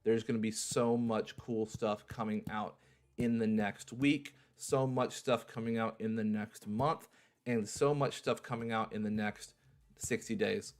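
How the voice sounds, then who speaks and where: A man's voice: lowish voice, steady tone, measured pace. A young man hosting a livestream in a casual, upbeat way, repeating his phrases like an auctioneer. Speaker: livestream host.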